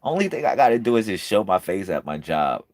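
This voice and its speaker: A man with a lowish voice chats straight to his viewers in loose, slangy talk. He gets excitable, repeats his lines, and swings from loud bursts to near-murmurs. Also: brisk, no echo. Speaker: video creator. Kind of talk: casual chat to viewers.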